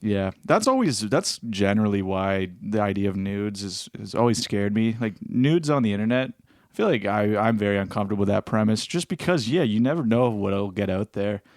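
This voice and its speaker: A man co-hosting a podcast in casual chat, joking and teasing with quick laughs. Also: lowish voice, animated, a little mellow, no echo, studio quality. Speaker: podcast co-host.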